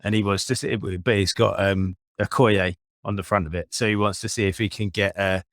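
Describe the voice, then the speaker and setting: Low-voiced man repeating himself on a podcast. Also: fairly even intonation, fairly bright tone, no echo, clean studio sound. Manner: halting, repeats his words. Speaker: podcast co-host. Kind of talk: casual chat.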